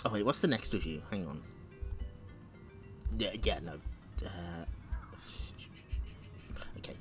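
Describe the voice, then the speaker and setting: A man's voice: deep voice, takes it slowly, over music. A man hosting a casual comic read-along stream, laughing often and making wry asides. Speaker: streamer reading comics aloud.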